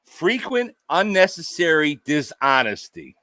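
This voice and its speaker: A man's voice: on the high side, sing-song, unhurried, pauses often, a bit bright, dry recording, clean studio sound. A man vlogging a sarcastic, profane monologue, mockingly addressing an unseen "sir" over and over.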